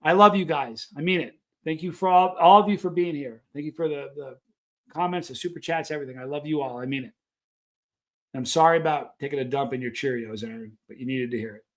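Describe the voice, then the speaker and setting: A high-pitched man talks to his live-stream viewers in a loose, unscripted rant. He is emphatic and opinionated, pressing each point hard and asking the audience questions. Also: brisk.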